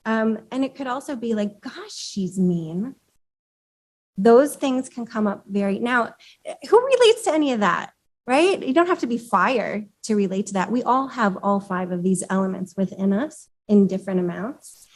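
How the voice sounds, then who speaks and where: A woman's voice: a little high, lively intonation, normal speed. A woman presents to a small audience in a meeting room. She talks in a loose, conversational way, with fillers, and now and then she asks the room questions. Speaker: speaker at a chapter meeting.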